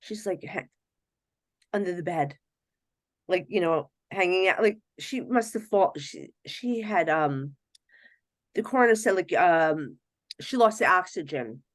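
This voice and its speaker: A middle-aged woman, a psychic medium guest on a podcast, telling stories in a casual, animated way, often acting out other people's voices and laughing. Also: lowish voice, a little slow, long pauses, no room sound. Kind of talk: casual storytelling in a podcast interview.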